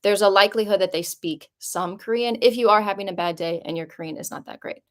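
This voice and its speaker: A woman's voice: medium pitch, fast. Young woman, casual live-stream chat, rambling, lots of "like", emotional, apartment vlog. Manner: chatty and rambling, heavy use of "like"; emotional, voice jumps up when moved. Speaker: vlogger answering viewer questions. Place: her apartment.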